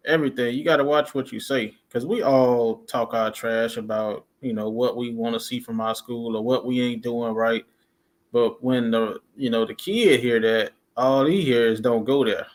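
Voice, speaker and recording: A man co-hosting a casual talk show, speaking earnestly about what the community should do. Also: mid-range voice. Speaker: co-host. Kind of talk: casual chat.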